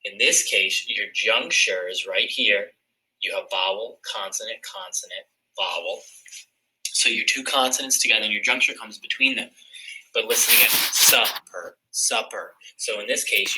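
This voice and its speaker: Male teacher, low and very bright tone, clear step-by-step explainer. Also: normal speed, low-quality recording. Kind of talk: recorded phonics lesson.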